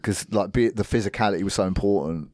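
A man's voice: on the low side, fast talker, dry recording. Man from England, casual film chat, laughs a lot, swears, dry close sound. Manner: laughing, sweary, animated storytelling. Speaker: podcast co-host.

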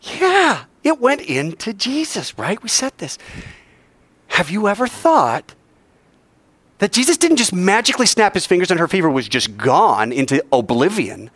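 A man teaching a Bible class in a conversational way, asking rhetorical questions and dropping to hushed tones. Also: sits high, very animated, unhurried, breathy edge, dry recording.

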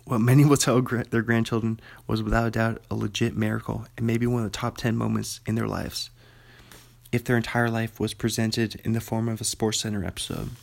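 A man's voice: fairly low pitch, level tone, a little fast, gravelly. A man playing a showy male TV news anchor, reading long mock-formal sentences.

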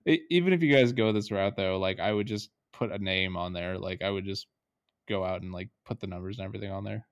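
A man co-hosting a casual sports podcast, ranting in an animated way and swearing freely. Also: low voice, quick pace, clean tone. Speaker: podcast co-host.

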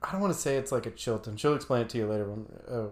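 A young man, talking quickly in a relaxed, profane chat. He keeps his pitch in an everyday middle range and piles on "dude" and "like" as he tells stories. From Odessa, Texas. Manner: loose, profane storytelling with lots of "like" and "dude". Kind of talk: casual chat.

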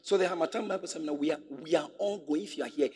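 A middle-aged man with a Ghanaian English accent, a bishop preaching a sermon, who repeats his phrases and rises to shouts. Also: a little high, racing, in a large hall. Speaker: bishop and pastor.

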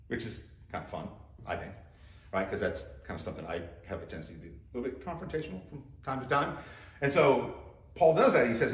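A man's voice: mid-range voice, animated, brisk, roomy sound. A man preaching a sermon as pastor, talking conversationally and putting direct questions to his listeners.

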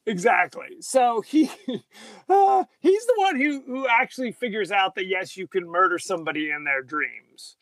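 Man, podcast co-host, high and lively voice, casual movie chat, dry close sound. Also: normal speed, dry recording. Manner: animated, acts out quotes in changing voices.

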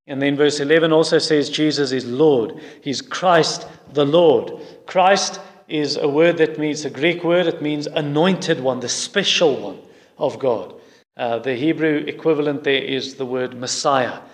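A man's voice: fairly high pitch, big-room sound. A man preaching a sermon, earnest, often putting direct questions to his listeners.

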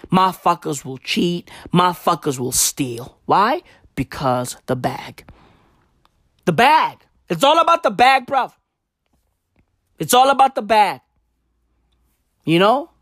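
Slow, emphatic vlogger. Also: medium pitch, sing-song, a bit bright, dry recording, clean studio sound. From South Africa. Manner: profane, emphatic, repeats points. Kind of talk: casual rant to camera.

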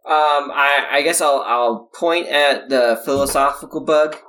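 Slow-talking guy, kinda hesitant, playing a tabletop game. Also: medium pitch, bright, forceful tone. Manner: hesitant, halting. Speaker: player. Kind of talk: casual tabletop game chat.

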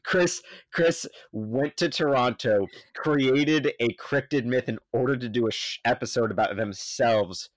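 A young man co-hosting a podcast, teasing his partner with sarcastic deadpan jokes. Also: mid-range voice, measured pace, hardly any pauses, dry recording. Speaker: podcast co-host. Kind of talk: casual chat.

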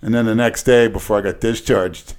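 A man's voice: on the low side, steady tone, brisk, a little mellow. A middle-aged man in casual chat, telling rambling, crude stories and laughing along. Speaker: guest. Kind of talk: casual storytelling.

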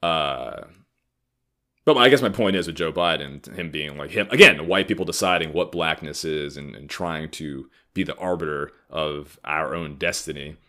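Deep-voiced man ranting forcefully. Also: normal speed. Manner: blunt, profane, heated and animated. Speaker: podcast host. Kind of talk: solo ranting podcast talk.

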